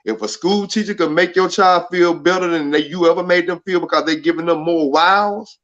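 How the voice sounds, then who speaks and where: A man's voice: sits high, steady tone, normal speed, fairly bright tone. Male caller on a dull phone line. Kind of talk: call-in radio talk.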